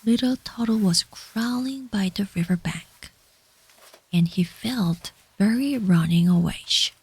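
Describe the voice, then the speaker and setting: Woman storyteller, whispered role-play bedtime read, very slow, mid pitch. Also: breathy edge, rough recording. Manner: soft unvoiced whisper, gentle bedtime reading. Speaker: ASMR storyteller.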